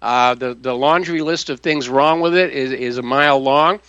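Hesitant talk radio host, bright voice. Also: male voice, medium pitch, clean tone, no room sound, highs cut off. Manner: halting, many uh fillers, firm opinions.

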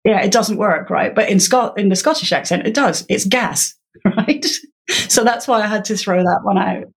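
A woman's voice: medium pitch, moderate pace, husky. Woman patiently explaining, teacher-like. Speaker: literacy educator guest. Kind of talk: explanatory interview talk.

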